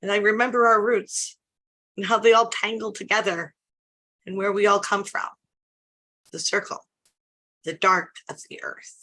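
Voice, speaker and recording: A woman reading her poetry at an online open mic, measured and lyrical. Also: mid-range voice, fairly even intonation, sharp tone. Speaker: poet.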